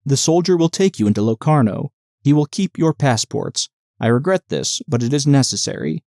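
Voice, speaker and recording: A man's voice: mid-range voice, sing-song, normal speed, a little mellow, dry recording, studio quality. A man voicing a formal, officious male border lieutenant who questions travelers in clipped sentences.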